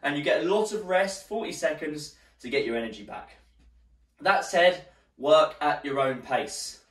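An encouraging man leads a workout class, a little breathless as he moves along with it. His lively voice rises and falls as he counts down the rounds. The room is echoey and he sounds some way from the mic. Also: a little high, normal speed. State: slightly out of breath. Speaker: fitness instructor. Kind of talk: live workout class instruction. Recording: roomy echo, distant mic.

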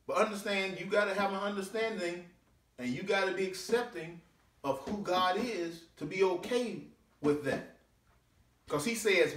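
A man, a deacon, preaching a sermon with drawn-out scripture readings and swooping pitch. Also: expressive, fairly bright tone. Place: church sanctuary. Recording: echoey church room, mic at a distance.

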